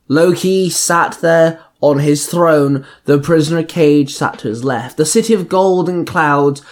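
A man reading an audio fiction story aloud in a measured storytelling manner. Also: mid-range voice. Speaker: narrator.

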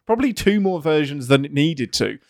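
Animated man, lively voice. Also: on the high side, a little fast, dry recording, clean studio sound. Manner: animated, laughing, emphatic. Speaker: podcast co-host, video writer. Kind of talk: casual chat.

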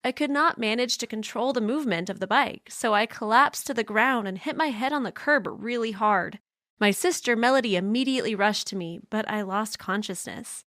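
Measured young woman narrating, dry sound. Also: a little high, no echo. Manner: even, measured reading. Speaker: storyteller. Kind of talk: scripted first-person narration.

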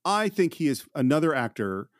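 A man co-hosting a film podcast, telling behind-the-scenes stories in a casual, animated way and acting out quotes. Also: fairly high pitch, normal speed, dry recording, clean studio sound. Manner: animated storyteller, acts out quotes. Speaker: podcast co-host.

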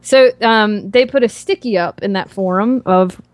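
A woman with a softened Southern US drawl talks as a podcast guest, rambling and restarting often. Her voice sits at a middle pitch. The recording is dry and close. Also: normal speed, dry recording. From American South. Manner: rambling, many fillers and restarts, laughs easily. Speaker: guest, author and fitness coach. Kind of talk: casual podcast interview. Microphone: podcast microphone.

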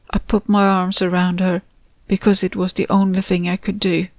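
A woman reading her own story aloud in a measured, steady storytelling voice. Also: on the low side, dry recording. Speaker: author and narrator. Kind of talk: audiobook narration.

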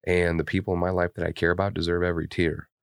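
A man's voice: sits low, little pitch movement, fast, clear, resonant tone, no echo, clean studio sound. A man co-hosting a podcast, talking candidly in casual chat with blunt, heavily profane, openly emotional speech. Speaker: podcast co-host.

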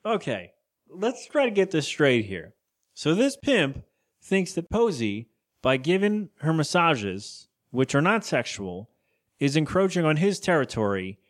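A man's voice: a little high, big pitch swings, unhurried. A man co-hosting a podcast, chatting casually as he recaps a cartoon episode, rambling and laughing often. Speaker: podcast co-host.

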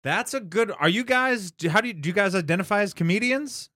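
Lively giggly man, bright voice. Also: high-pitched, fairly quick. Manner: giggly, rambling. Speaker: podcast co-host. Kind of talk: casual comedy podcast chat.

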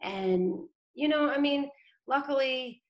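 A woman from Boston, a communications director, talking casually in an interview with lots of "like" and "you know". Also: sits high. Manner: chatty, many "like" and "you know" fillers, quick laughs. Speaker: city council communications director.

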